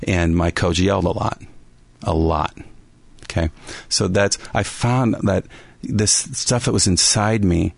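A man's voice: deep voice, steady tone, a little slow, gravelly, husky, no echo. A man co-hosting a faith podcast, telling a story animatedly and laughing at himself often. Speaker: podcast co-host and basketball coach.

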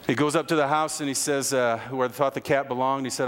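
A man's voice: medium pitch, fast. Man preaching in a reverberant church. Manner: earnest, building to excited emphasis. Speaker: pastor. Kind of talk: sermon. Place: church sanctuary. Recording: long reverb of a large hall.

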